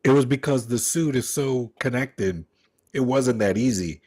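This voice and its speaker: Animated, profane stream host. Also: male voice, medium pitch, measured pace, husky. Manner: animated and profane, acts out dialogue. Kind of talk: casual watch-party commentary.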